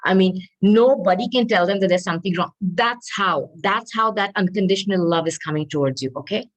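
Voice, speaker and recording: A woman's voice: mid-range voice, lo-fi sound. A woman giving a tarot reading, talking straight to the listener in an earnest, coaxing way and often checking in with "okay?". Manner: reads card messages aloud slowly. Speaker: tarot reader.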